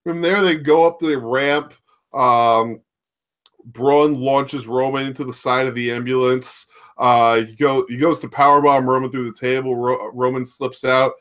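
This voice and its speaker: A man co-hosting a casual wrestling podcast, recapping a match in a rambling way with lots of fillers and restarts, laughing now and then. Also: mid-range voice. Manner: laughs often, acts out quoted shouts. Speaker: podcast co-host.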